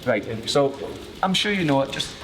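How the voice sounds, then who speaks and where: Broad Glaswegian Scottish tones, a mid-range voice and an animated, moderately paced delivery mark this Glasgow man teaching martial arts live. He's cheeky, jokes around and swears freely on a training mat ringed by his class. A long reverb tail and noisy background fill the recording.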